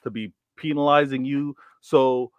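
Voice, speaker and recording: A man co-hosting a casual football debate, pushing back with measured, wry answers that hedge before they commit. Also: medium pitch, fairly even intonation, smooth, dry recording, highs cut off. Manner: measured, wry, hedging rebuttals. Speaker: co-host.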